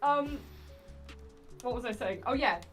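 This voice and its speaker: A woman's voice: a little high, lively intonation, unhurried, faint music behind. A woman hosting a casual live stream from home, chatty and laughing, reading out viewer messages. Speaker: livestream host.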